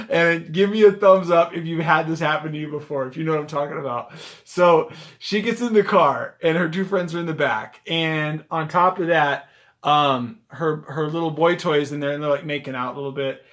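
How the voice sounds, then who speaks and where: A man vlogging as a rideshare driver, telling a story casually to a camera on a gimbal, with lots of "like" fillers. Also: a little high. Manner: chatty, animated, lots of "like" fillers. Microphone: handheld camera on a gimbal.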